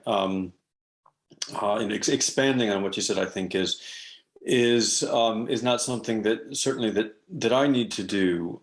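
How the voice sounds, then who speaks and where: A man's voice: on the low side, creaky. A man speaking remotely on a panel, hesitant and full of restarts before settling into precise detail.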